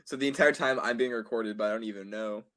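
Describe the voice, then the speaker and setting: A man's voice: lowish voice, a bit bright. Teenage guy riffing on a podcast. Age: late teens. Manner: joking, riffing, quick to laugh. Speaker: podcast co-host. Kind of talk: casual comedic chat.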